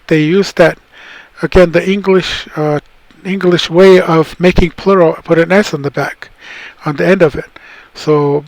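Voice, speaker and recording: A middle-aged man from the Tohono O'odham Nation explains words in a recorded cultural talk. His voice sits a little high for a man and sounds close and dry, with no room around it. He rambles easily, repeating himself and restarting his sentences. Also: vocal fry, dry recording, rough recording. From Tohono O'odham Nation, southern Arizona. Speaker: cultural presenter.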